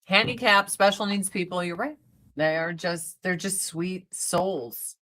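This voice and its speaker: A woman's voice: lowish voice, fairly even intonation, a little slow, fairly bright tone. A woman hosting a casual livestream, chatting bluntly and profanely while she does her makeup and answers viewer comments. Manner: blunt and profane, with frequent swearing. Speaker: livestream host.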